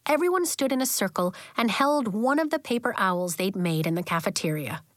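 A woman narrating a children's novel as an audiobook in a gentle, even storytelling manner. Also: medium pitch, a little fast, no room sound, clean studio sound.

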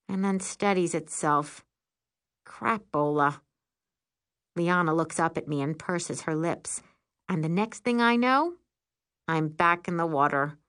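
A woman narrating a first-person storybook in an expressive, lively way. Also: on the low side, unhurried.

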